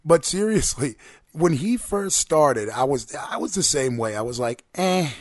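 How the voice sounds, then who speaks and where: A man hosting a casual wrestling podcast, giving a brisk play-by-play recap. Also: mid-range voice, very animated, dry recording. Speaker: podcast host.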